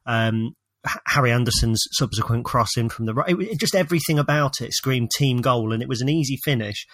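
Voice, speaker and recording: Male co-host, mid pitch, dry home-office sound, opinionated, halting delivery. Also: fairly bright tone, dry recording. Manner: opinionated, hesitant with restarts. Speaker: podcast co-host. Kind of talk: casual football chat.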